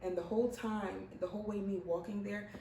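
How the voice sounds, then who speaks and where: A young pregnant woman telling her own story in a casual, animated way, putting on other people's voices as she goes. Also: medium pitch, brisk, slight background noise. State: heavily pregnant. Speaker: vlogger. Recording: roomy, mic at a distance, faint ambience.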